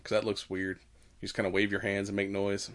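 A man co-hosting a casual podcast, recapping a movie with frequent laughter and quick quoted voices. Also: lowish voice, completely flat delivery, a bit bright, slight background noise. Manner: laughs often, retells scenes doing quick quoted voices. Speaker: podcast co-host.

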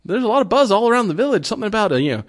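A man voicing a chatty, gossipy woman, Santa's wife, in a raised, lively voice. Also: high voice, very fast, pitched above the performer's own voice.

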